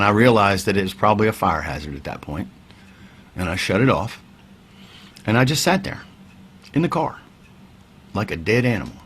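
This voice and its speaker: Man, husky voice, candid wry storyteller, casual podcast interview. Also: on the low side. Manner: candid, wry, swears freely, drops to quiet asides. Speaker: podcast guest, veteran musician.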